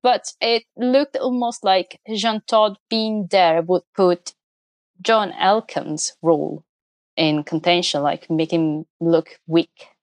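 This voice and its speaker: Woman, lowish voice, dry close sound, casual chatty podcast guest who laughs easily. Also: slow pace, no echo. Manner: chatty, laughs often, many restarts. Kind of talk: casual chat.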